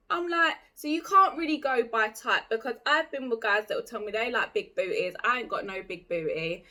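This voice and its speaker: A woman's voice: a little high, brisk, few pauses, bright, forceful tone. A young woman vlogging in a blunt, chatty, opinionated way, full of "like". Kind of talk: casual chat to camera.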